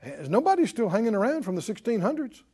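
A man's voice: high-pitched, sing-song, fast talker, a little mellow, breathy edge. A man preaching a sermon, firing rhetorical questions at his congregation. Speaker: pastor.

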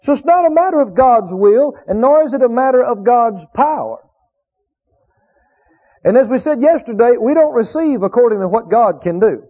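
High-voiced preacher with a husky tone. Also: male voice, lively intonation, warm tone. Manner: emphatic, repeats key phrases, drawn-out quotes of scripture. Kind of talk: sermon. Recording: dull lo-fi recording.

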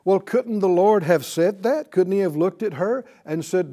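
A man's voice: high-pitched, animated, moderate pace, warm tone. A man teaching a Bible class, emphatic and fond of repeating key words and asking his listeners rhetorical questions.

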